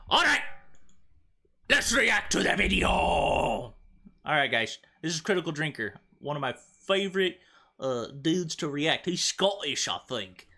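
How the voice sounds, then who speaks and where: A man's voice: a little high, big pitch swings, a little slow, creaky, sharp tone. A young man streaming, giving blunt, rambling reaction commentary full of fillers and restarts.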